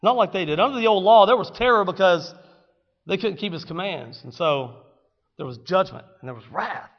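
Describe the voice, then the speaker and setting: A man preaching a sermon, swinging dramatically between hushed storytelling and loud, fervent exclamation. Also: high voice, expressive, moderate pace. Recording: dull sound with long hall reverb.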